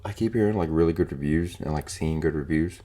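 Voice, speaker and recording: A young man with an extremely low, dark voice rants casually on his own podcast. He is opinionated and profane, rambling through his points with plenty of filler words. The delivery is loose, like chatting to friends. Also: a little fast. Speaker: podcast host. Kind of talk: casual solo podcast rant.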